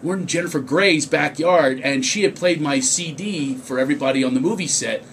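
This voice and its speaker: A man's voice: fairly high pitch, a little fast, slight background noise. A male comedian telling funny stories in casual radio chat, acting out quotes in raised voices. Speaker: comedian guest.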